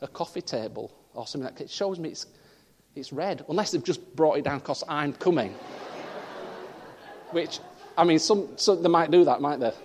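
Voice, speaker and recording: A man from the north of England preaches with animated storytelling. His voice sits a little high and leaps up for emphasis, then drops quiet for the serious points. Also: normal speed, pauses often. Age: 30s. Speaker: pastor. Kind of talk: sermon.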